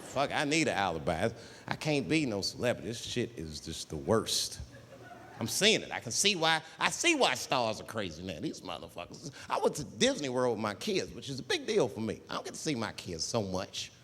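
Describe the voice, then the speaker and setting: A man performing a stand-up comedy routine on stage, talking in an animated way and jumping into loud put-on voices. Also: lowish voice, normal speed, slightly rough. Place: stage in a large hall. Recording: live hall recording, faint ambience.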